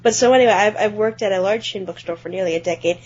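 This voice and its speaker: A husky woman on a podcast spins a lively story in a relaxed chat, dropping casual curses along the way. The audio is somewhat dull and lo-fi. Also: medium pitch, fast talker. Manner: animated anecdote-teller, swears casually. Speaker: podcast co-host.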